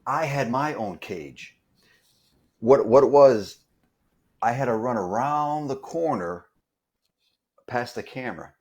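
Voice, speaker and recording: A man with an average-pitched voice recounting his time doing stunts. He talks in a loose, conversational way and stumbles over his words, restarting phrases as he searches for the next thought. It sounds like an unscripted guest on a chat show. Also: animated, a little mellow. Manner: halting, repeats words while recounting. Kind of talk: casual anecdote telling.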